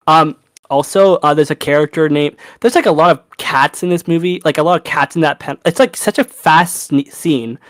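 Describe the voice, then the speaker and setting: A young man co-hosting a podcast in casual chat, animated, laughing and swearing freely. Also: a little high, normal speed, dry recording. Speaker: podcast co-host.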